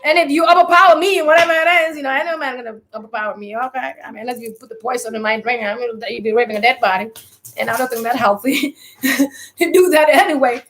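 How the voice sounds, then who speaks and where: A woman's voice: high voice, fast, fairly bright tone. A woman giving a spiritual talk to online followers. She speaks emphatically, piles up rhetorical questions and calls on listeners to answer.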